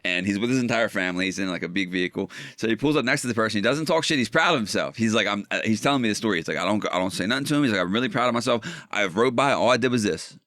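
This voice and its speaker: A man's voice: lowish voice, no room sound. A man hosting a podcast in casual chat, telling stories with lots of restarts and swearing. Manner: animated storytelling, swearing, quick restarts. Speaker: podcast host.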